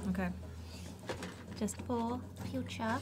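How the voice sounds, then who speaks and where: A woman's voice: on the high side, slow, darkish tone, a little hiss or hum. Blunt, foul-mouthed woman player. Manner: blunt, casual swearing. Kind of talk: casual tabletop game chat.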